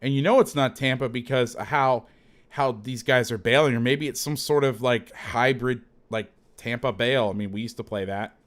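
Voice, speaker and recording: A man coaching through game film in a casual breakdown, chatty and quick to correct himself. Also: medium pitch.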